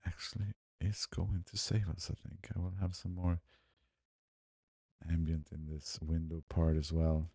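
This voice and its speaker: A man's voice: low-pitched, a little slow, vocal fry, husky, no echo, clean studio sound. A man talking through a photo editing tutorial, narrating his steps as he works and often muttering to himself. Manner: relaxed, muttering to himself while working. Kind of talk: screen-recorded editing tutorial.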